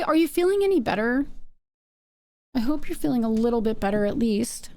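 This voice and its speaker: A woman streamer giving excitable live game commentary, swearing and laughing often. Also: fairly high pitch, a little fast, long pauses, no echo.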